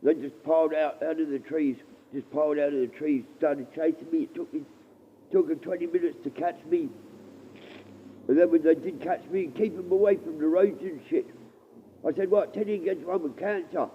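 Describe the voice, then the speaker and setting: A man rambling and halting through a casual livestream chat from a dark shed, often repeating himself and swearing. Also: a little high, fairly even intonation, a little hiss or hum. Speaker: live streamer. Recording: tinny phone-like stream audio.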